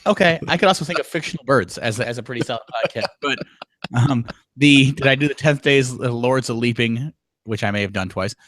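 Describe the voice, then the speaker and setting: A man's voice: mid-range voice, fairly quick, a bit bright, dry recording. A man co-hosting a casual podcast, rambling and self-deprecating with lots of fillers. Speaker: podcast co-host.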